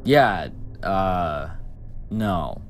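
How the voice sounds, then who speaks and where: A man's voice: low-pitched, lively intonation, drawn-out words, a little hiss or hum, exaggerated voice. A man voicing a laid-back, evasive health app gone rogue in a video game, speaking in an offhand, dismissive way.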